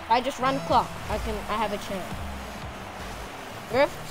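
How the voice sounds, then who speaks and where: Female streamer, high-pitched, excitable play-by-play over loud game music. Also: moderate pace. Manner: excitable, shouts at teammate. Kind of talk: live gameplay commentary.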